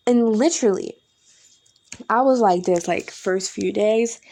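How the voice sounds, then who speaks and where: A woman's voice: mid-range voice, slow, long pauses, dark tone. A young woman hosting a podcast, telling a personal breakup story in a candid, exasperated way and swearing freely. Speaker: podcast host.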